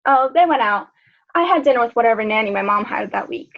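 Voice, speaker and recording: A woman's voice: a little high, lively intonation, fast talker, creaky. A young woman playing a sheltered rich girl at her first sleepover in a school skit, with a breezy, matter-of-fact manner. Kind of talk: student skit acting. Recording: dull lo-fi school video audio.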